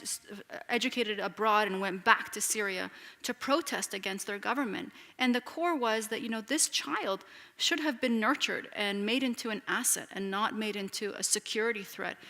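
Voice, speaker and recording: A woman, an author taking questions at a public talk, speaks in an animated way with frequent restarts and "you know.". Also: medium pitch. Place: lecture hall with an audience. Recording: long hall reverb.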